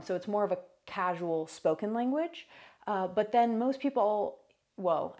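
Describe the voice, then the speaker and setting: In her new apartment, a young woman vlogger chats casually to the camera in a mid-range, slightly mellow voice. She's talkative, with lots of fillers and asides.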